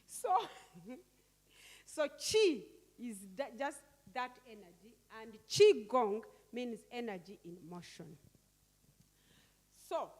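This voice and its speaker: A woman teaches a workshop at a deliberately slow pace, stopping to quiz her listeners and have them repeat key words. Her voice rings out with a long reverb from a large hall. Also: on the high side, lively intonation, a little mellow. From Uganda. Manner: asks the audience questions and repeats key words. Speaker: workshop facilitator. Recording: echoey hall.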